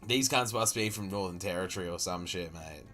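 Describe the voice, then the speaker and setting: A man's voice: low voice, brisk, fairly bright tone, faint music behind. A man with an Australian accent giving a profane, exasperated running commentary as a streamer reacting to a video. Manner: exasperated, sweary, incredulous.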